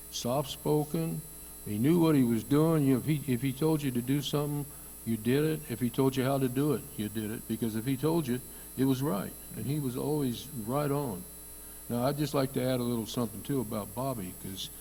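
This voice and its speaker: Gravelly older man reminiscing plainly. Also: medium pitch, mellow, long reverb tail, a little hiss or hum, rough recording. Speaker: panel guest, former stuntman. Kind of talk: reminiscing on a reunion panel.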